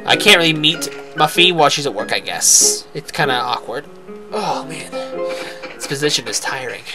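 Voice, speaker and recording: This let's play host sounds tired as he rambles through light commentary on a farming game, his voice on the high side and animated at a normal speed. He often restarts and pokes fun at himself, and loud game music plays in the background.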